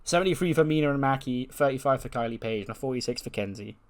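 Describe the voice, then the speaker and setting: A man's voice: mid-range voice, lively intonation, quick pace. A man casually narrating his game playthrough in a chatty, wry way, full of fillers and asides. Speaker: let's play host.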